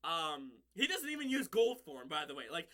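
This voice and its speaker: Bright-voiced man rambling through a recap. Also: fairly high pitch, big pitch swings, moderate pace. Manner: rambling, many fillers and restarts, laughs at own slips. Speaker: episode reviewer. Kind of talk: casual recap and review.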